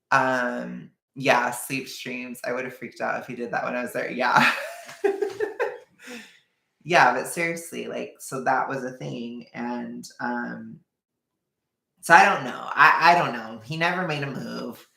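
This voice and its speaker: A man's voice: medium pitch, unhurried, vocal fry, pushed and bright, roomy sound. A young man telling a personal story in a casual, rambling way, full of fillers and quoted back-and-forth.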